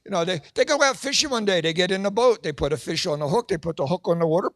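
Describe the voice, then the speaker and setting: Older man, stand-up comedian, high voice, dry close sound, jokey asides. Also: lively intonation, fast, a bit bright, no echo. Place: church fundraising gala.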